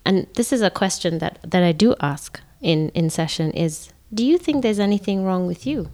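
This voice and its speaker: Brief: female sex therapist, lowish voice, calm and explanatory, podcast guest. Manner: measured, explanatory, many fillers. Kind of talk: podcast conversation.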